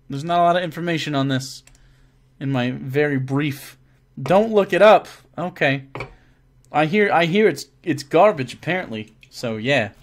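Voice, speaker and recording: Guy streamer, kinda high voice, jokey and rambly, swears a bunch reading chat messages. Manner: joking, swearing, rambling with restarts. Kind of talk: casual live-stream chat.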